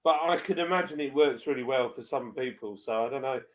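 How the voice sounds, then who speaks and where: A man hosting a casual live-stream chat, talking in animated banter. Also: medium pitch, brisk.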